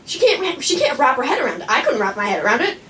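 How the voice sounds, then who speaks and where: A woman's voice: high voice, sing-song, quick pace, a bit bright. A young woman telling a nervous, rambling, self-mocking story live on stage. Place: small performing arts studio. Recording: stage voice from a distance with faint room noise.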